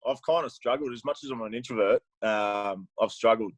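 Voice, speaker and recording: A relaxed Australian man in his thirties talks on a video call. His voice sits low and is recorded dry and close. He speaks in an easygoing, reflective way and drops "mate" often. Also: brisk, dry recording. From Queensland, Australia. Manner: laid-back, says mate often, reflective. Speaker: guest rugby player. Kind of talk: casual video call chat.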